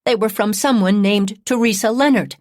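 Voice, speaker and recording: A woman's voice: mid-range voice, moderate pace, a little mellow, dry recording, studio quality, close to an everyday voice. A woman narrating an audiobook, voicing a distraught, tearful middle-aged wife who is sobbing into the phone. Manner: tearful, pleading.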